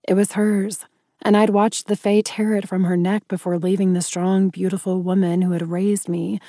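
A woman narrating first-person fiction in an audiobook, steady and even. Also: medium pitch, no echo, clean studio sound.

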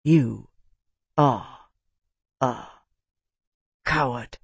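A shrewd, composed counselor, as the audiobook narrator reads him, close to the storyteller's own voice. He speaks calmly and precisely, every word quietly cutting. The recording is dry and close. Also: mid-range voice, normal speed, creaky, dry recording. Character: shrewd, composed male advisor.

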